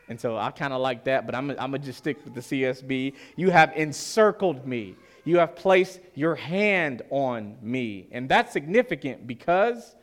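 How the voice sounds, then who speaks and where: A man preaching a sermon to his church, earnest and slowing down to stress key lines. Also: medium pitch.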